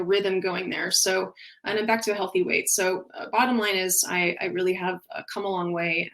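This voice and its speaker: A woman's voice: on the low side, vocal fry, fairly bright tone, low-quality recording. A woman who works as a functional nutrition practitioner, speaking earnestly and personally as she explains things in a recorded webinar.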